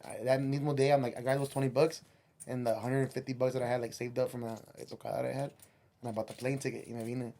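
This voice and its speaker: A man's voice: medium pitch, level tone, fast talker, dark tone. A man, a musician guest on a podcast, telling a rambling, profane story and slipping Spanish phrases into his English.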